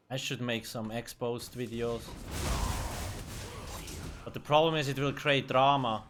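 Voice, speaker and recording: A man's voice: mid-range voice, steady tone, slow, long pauses, background noise. A man streaming a video game, chatting casually in a blunt, profane and joking way. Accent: German. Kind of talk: casual live-stream commentary.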